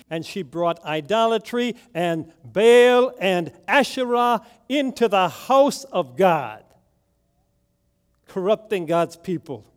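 A male preacher with a notably high, clean-toned voice delivers a sermon slowly, letting each phrase land as he dramatically tells the story. Again and again he turns rhetorical questions back on his listeners.

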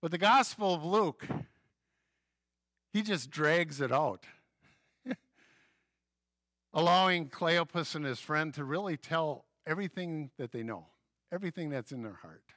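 Male pastor, sermon delivery, storyteller who acts out voices; slightly high, bright, dry close sound. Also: measured pace, long pauses, no echo. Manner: lively storytelling, acting out quoted voices.

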